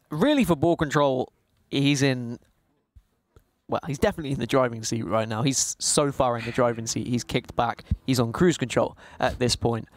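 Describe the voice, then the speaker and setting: A man with a West Country accent giving jokey, animated live commentary on a card game tournament. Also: mid-range voice, normal speed, no room sound. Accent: West Country English. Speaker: esports caster.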